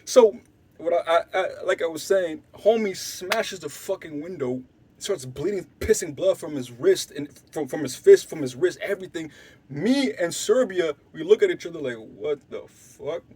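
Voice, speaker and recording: A young man with a somewhat high voice tells a wild story in loose street slang. He gets animated and swears freely, swinging between loud bursts and hushed asides as he acts out what others said. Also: normal speed, husky. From Canada. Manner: animated, swearing, acts out quotes loudly and softly. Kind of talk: casual storytelling.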